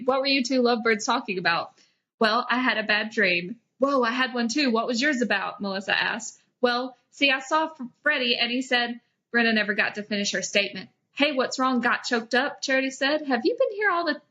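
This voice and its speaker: A woman's voice: a little high, bright, forceful tone. A young woman hosting a comedy podcast, dramatically reading old fan fiction aloud and breaking into giggles. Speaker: podcast host.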